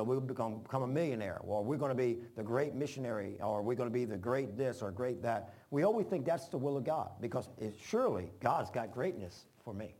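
Man, pastor, folksy rambling informal sermon style, mid pitch. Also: warm tone. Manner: folksy, rambling, repeats phrases.

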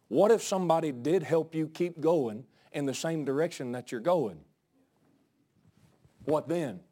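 A male pastor preaching a sermon, out of breath, swinging from folksy asides to shouted peaks. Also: a little high. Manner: folksy, joking asides to the congregation.

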